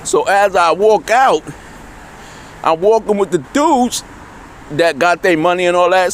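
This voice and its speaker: A middle-aged man telling a rough jail story in casual street talk, swearing constantly and acting out the people he quotes. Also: high-pitched, a little slow, long pauses, slight background noise. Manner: animated, swears constantly, voices characters in quotes.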